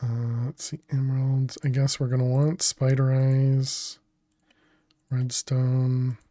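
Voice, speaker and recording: A man's voice: medium pitch, no echo, clean studio sound. A man streaming a video game, chatting casually as he thinks aloud and answers his chat, often laughing. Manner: laughs often, relaxed and unhurried. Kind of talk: casual gaming livestream commentary.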